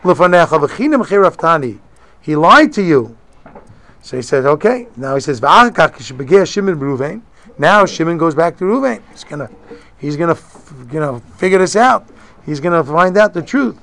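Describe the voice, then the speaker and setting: Male Torah teacher, gravelly, slightly high, reads then explains. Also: animated, moderate pace, a bit bright. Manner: reads a Hebrew text line by line, then explains in English. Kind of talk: Talmudic-style lesson, reading and translating.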